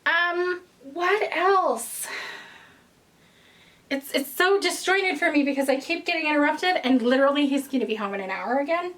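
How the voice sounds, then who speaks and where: A young woman talks casually to her viewers in a bright, high voice. She rambles and wanders off on tangents, and she sounds a little out of breath. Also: animated, moderate pace. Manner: rambling, chatty, with tangents and restarts. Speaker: knitting podcast host. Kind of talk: casual chat to camera.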